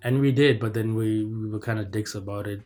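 A man's voice: fairly low pitch, fairly even intonation, a little fast, darkish tone, soft background music. A young man telling a story casually, rambling with lots of fillers and restarts. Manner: rambling, filler-heavy, self-correcting.

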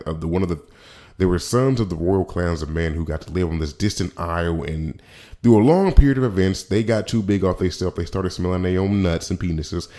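Podcast host, male, very low voice, loose rambling delivery full of restarts and slang. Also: a little mellow. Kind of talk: casual solo podcast monologue.

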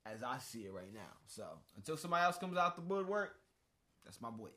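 A man's voice: mid-range voice, big pitch swings, brisk, pushed and bright. A man co-hosting a casual chat about ballot measures, talking bluntly and emphatically with plenty of swearing.

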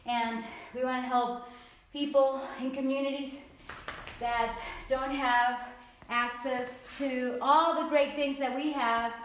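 Breathless woman podcast host, high voice, upbeat self-coaching, echoey room. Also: fairly even intonation, slow pace, a bit bright, a little hiss or hum. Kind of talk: casual motivational chat while exercising.

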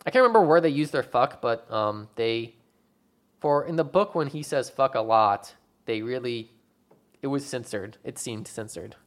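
Here the same young man talks movies in a relaxed chat, his mid-range voice expressive and his pace moderate. His speech wanders, heavy with fillers and plenty of "like" and "um."

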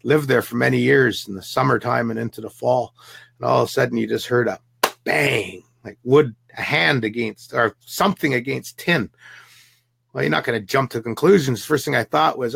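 A man's voice: mid-range voice, moderate pace, gravelly, a bit bright, breathy edge, dry recording. A man from the Pacific Northwest, a guest telling a vivid first-hand story and acting out the people in it. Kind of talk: storytelling an encounter.

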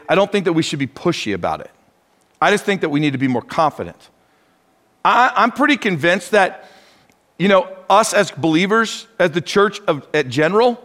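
A pastor preaches with animated delivery, acting out the dialogue he quotes. He's a man with a fairly high voice. The sound rings with a long hall reverb. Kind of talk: sermon.

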